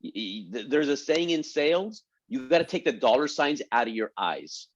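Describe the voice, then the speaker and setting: A man's voice: medium pitch, very animated, moderate pace. A man hosting an interview, talking enthusiastically and turning to speak straight to his audience. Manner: enthusiastic, addresses the audience directly. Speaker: interview host. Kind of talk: conversational interview. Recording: dull lo-fi sound.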